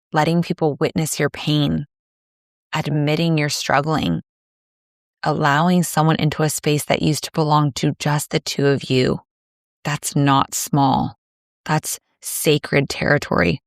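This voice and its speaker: A woman hosting a solo podcast, speaking in a gentle, soothing, measured way with pauses. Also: sits low, no echo, clean studio sound. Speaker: podcast host. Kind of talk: reflective solo podcast monologue.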